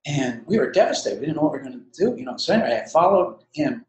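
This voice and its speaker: A man's voice: on the high side, very animated, racing, a little mellow. An older man, a retiring co-founder, telling long self-deprecating anecdotes in an interview. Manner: rambling, self-deprecating storyteller. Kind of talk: anecdotal storytelling in conversation. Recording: roomy echo.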